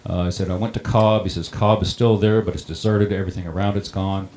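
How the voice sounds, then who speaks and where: A middle-aged man who runs a town water system recounts a personal story in a plain-spoken, halting way. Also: deep voice, steady tone, darkish tone, slight background noise. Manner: plain-spoken, halting, many ums and restarts. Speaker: water district operator on a panel.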